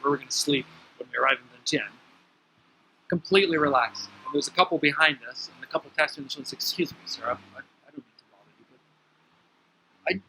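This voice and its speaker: A man telling stories in a motivational talk about the mind, emphatic, with sudden lively jumps in pitch. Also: slight background noise, low-quality recording. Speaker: spiritual teacher.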